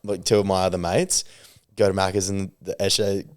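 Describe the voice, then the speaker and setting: Young man, low voice, rambling storyteller, casual podcast chat. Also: flat delivery, normal speed, slight background noise. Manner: rambling, many fillers, swears freely, laughs mid-story. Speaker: podcast co-host.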